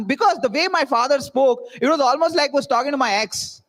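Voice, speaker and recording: His voice very high, sing-song and a bit bright at a normal pace, a young Indian man performs a comic story for a live student-event audience. He mocks himself and acts out the people he describes.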